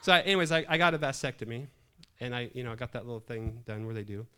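Speaking fast in a clear, resonant, medium-pitched voice, this middle-aged man is a pastor sharing a humorous story during a sermon. He's an animated storyteller who laughs frequently from the pulpit.

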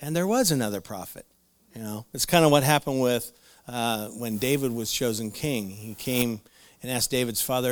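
A man's voice: mid-range voice, normal speed, dry recording. A man preaching a conversational sermon, retelling Bible stories with playful asides and laughs. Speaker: pastor.

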